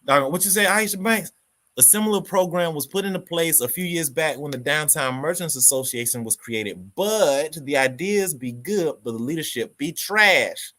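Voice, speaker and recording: A man's voice: fairly high pitch, animated, moderate pace, pushed and bright. A man hosting a live stream, reading chat comments and ranting with passion, repeating words as he talks. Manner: passionate ranting, repeats himself, calls listeners dog. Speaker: livestream host.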